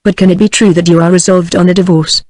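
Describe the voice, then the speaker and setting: Reading as a worried young wife making an earnest plea, a British-accented female TTS voice speaks quickly in a fairly low, slightly mellow register. Though the character is pleading and imploring, the delivery itself comes out flat.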